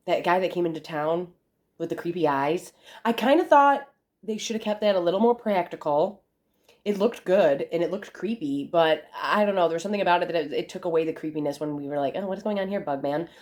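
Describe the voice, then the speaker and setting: A woman's voice: lowish voice, darkish tone. Chatty swearing woman vlogging at home. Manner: chatty, rambling, swears freely. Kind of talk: casual chat to camera. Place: family room at home.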